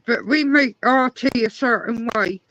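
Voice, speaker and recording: A woman's voice: on the high side, measured pace, fairly bright tone, no room sound, muffled recording. An English woman chatting casually, explaining things at length. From England. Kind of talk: casual chat.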